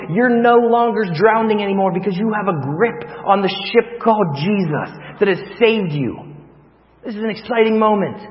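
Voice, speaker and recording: A man preaching a sermon, telling a vivid story that swings from hushed to loud. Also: high-pitched. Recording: long reverb, dull lo-fi sound.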